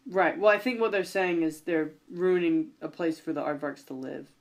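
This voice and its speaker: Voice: mid-range voice, moderate pace. A young adult podcast host chatting casually, rambling with many fillers and self-corrections. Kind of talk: casual chat.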